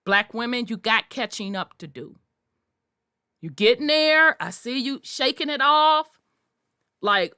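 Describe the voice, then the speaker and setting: A woman hosting a podcast, delivering a forceful, profanity-laced monologue in a preachy way. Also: a little high, very animated, measured pace, long pauses, clear, resonant tone, no echo, clean studio sound. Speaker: podcast host.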